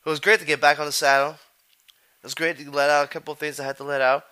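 A man hosts his own podcast in an easygoing, rambling way, full of street slang and swearing. His voice is bright and clear, with a crisp, smooth tone. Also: a little high, little pitch movement, fast talker. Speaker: podcast host. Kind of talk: casual chat.

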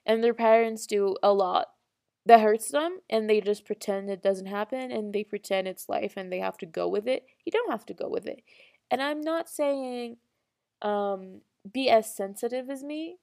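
A woman's voice: fairly high pitch, moderate pace, vocal fry, warm tone. A young woman talking casually and earnestly to her audience, rambling with restarts and small laughs. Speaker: vlogger. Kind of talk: casual personal monologue.

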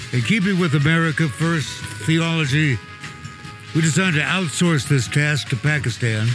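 A man hosting a radio talk show in a joking, easygoing way, with a slightly high voice. He laughs a lot between wisecracks. A clear music bed plays behind him.

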